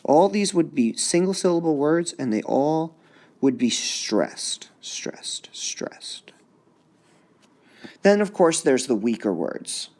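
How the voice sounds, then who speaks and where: A man teaching a recorded high school lesson, sounding out words slowly and exaggerating the stress. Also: very animated, warm tone.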